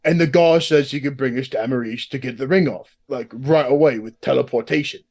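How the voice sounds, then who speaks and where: A man's voice: medium pitch, a little fast, a little mellow. Rambling man recapping a game. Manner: rambling, casual, full of "like". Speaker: player. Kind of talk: in-character recap of a tabletop game.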